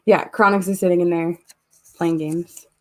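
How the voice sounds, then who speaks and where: A woman's voice: fairly low pitch, steady tone, normal speed, a little mellow. A Canadian woman hosting a live stream, chatting casually and reading viewer comments aloud as she works. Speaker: host of a live giveaway stream.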